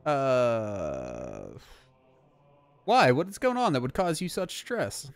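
A man's voice: mid-range voice, very animated, slow, vocal fry, soft background music, full character voice. A man voicing a female adventurer, asking plain questions. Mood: curious.

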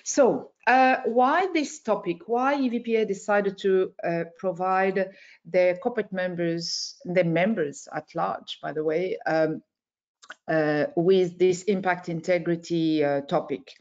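A woman hosts an online webinar, opening it hesitantly with plenty of filler sounds. Her voice is lowish and darkish, and she takes her time. The audio comes through a video call and sounds muffled.

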